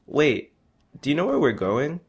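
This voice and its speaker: A shy, sensible young woman on a trip abroad, as a male storyteller puts her on. Her voice is raised and gentle. She talks plainly and a little unsure, as in a spoken memoir. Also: a little high, wildly swooping pitch, measured pace, gravelly, breathy edge, pitched above the performer's own voice, heavily acted. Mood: questioning.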